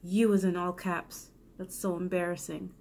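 A woman's voice: medium pitch, a little slow. A tipsy woman reading her own old story aloud, breaking off for rambling, self-mocking commentary. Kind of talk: casual comic read-aloud with asides.

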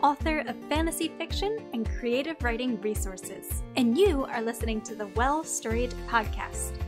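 A young adult woman hosting a podcast, reading a scripted episode in an upbeat, clearly enunciated way. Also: sits high. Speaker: podcast host.

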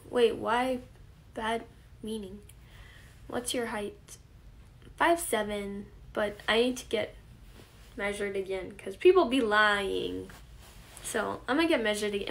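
A 21-year-old woman hosting a casual live stream, reading viewer comments aloud and answering them in a relaxed way. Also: fairly high pitch. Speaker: livestream host. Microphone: phone camera.

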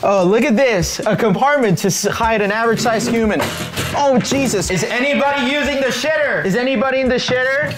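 A man seeking hiders in a game, joking, pleading and yelling mock police calls. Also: very high-pitched, a little fast, over music. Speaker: seeker in a hide-and-seek video. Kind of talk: playful game commentary.

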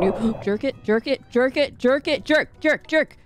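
A young woman streaming a fishing game, loud and giggly, joking in a put-on country-girl manner. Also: sits high, unhurried, few pauses, over music. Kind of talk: excitable gaming commentary.

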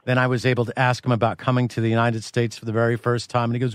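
A man's voice: medium pitch, level tone, fast talker, few pauses, no echo, clean studio sound. Playful, teasing male radio host. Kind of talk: joking radio interview.

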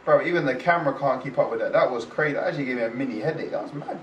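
Excitable young man, echoey room. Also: mid-range voice, racing, highs cut off, faint music behind. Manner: excitable, exclaiming in slang. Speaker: reaction video host. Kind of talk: casual reaction commentary. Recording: roomy echo, distant from mic.

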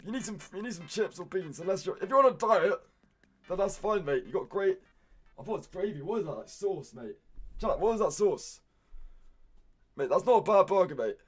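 A British man streaming live, reacting to viewers' meals with excited outbursts and constant "mate". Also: high-pitched, moderate pace, pauses often, husky, soft background music.

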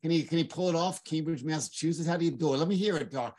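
A man's voice: a little high, rapid-fire. An older man from Boston with a Boston accent, talking as a guest author in a casual, teasing chat full of swearing. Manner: animated, profane, teasing.

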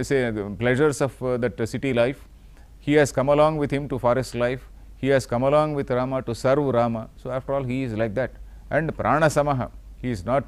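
Older guy giving a spiritual talk, recites verses then unpacks them, lots of "uh, say". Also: mid-range voice. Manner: explanatory, fills pauses with "uh, say". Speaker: lecturer on scripture. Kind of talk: spiritual discourse.

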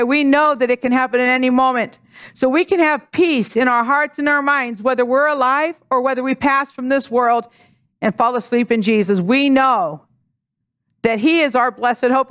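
A woman associate pastor preaching a sermon, praying, reading scripture and telling a personal story with lively acted-out dialogue. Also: sits high, smooth. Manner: animated storytelling, acting out dialogue. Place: church sanctuary.

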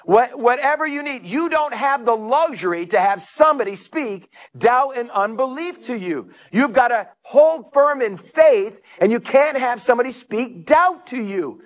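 High-voiced storytelling male pastor. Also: a little slow, hardly any pauses. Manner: storytelling preacher, animated, acts out quotes. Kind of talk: sermon.

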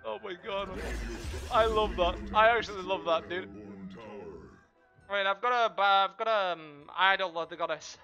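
A man streaming a game with casual, profane commentary, trash-talking and shouting during fights. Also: high-pitched, muffled recording, soft background music. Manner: brash, profane, quick to trash-talk. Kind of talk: live gameplay commentary.

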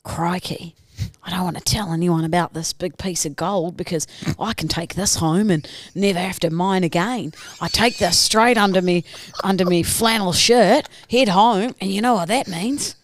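Woman putting on a broad aussie miner bloke, lower voice, gleeful. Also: normal speed, dry recording, natural voice. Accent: broad Australian put on. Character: rural Australian male gold miner, gleeful.

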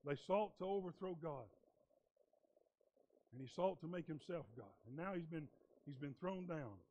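A man preaching a sermon in a high, lifted voice, dropping to a hushed read before surging into loud, emphatic lines. He hammers his points by repeating words. A faint hiss runs under the recording. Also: expressive, normal speed, dull audio. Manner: swings from low, quiet reading to loud, emphatic preaching. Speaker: pastor. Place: church sanctuary.

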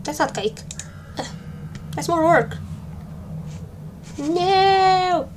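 A woman's voice: a little high, lively intonation, unhurried, slight background noise. A woman streaming a game with casual, joking commentary and flustered muttering. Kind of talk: casual let's-play commentary.

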